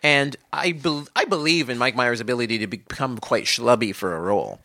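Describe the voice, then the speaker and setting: A man's voice: mid-range voice, fairly quick, sharp tone, no echo, voice pushed down. A man playing an earnest, oblivious mayoral candidate in improv comedy.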